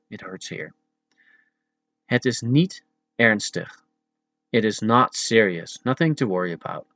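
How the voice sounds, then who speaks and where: A man narrating his own audiobook language lesson, saying each word slowly and deliberately and then giving its English meaning. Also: fairly low pitch, expressive, a bit bright, no room sound.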